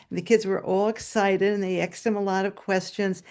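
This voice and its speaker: An older woman tells a personal story from her teaching years to a story-swap group over a video call. Her voice sits at a middling pitch for a woman. She tells it in a lively, expressive way and acts out the dialogue. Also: moderate pace, hardly any pauses.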